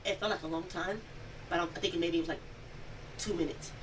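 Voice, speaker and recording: A young woman recounting an incident in an interview, telling it in a rambling, animated way and acting out the quoted speech. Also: fairly low pitch, brisk. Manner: animated storytelling, acts out quoted speech, many "like" fillers. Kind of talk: rambling first-person account. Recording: distant mic, noisy room audio.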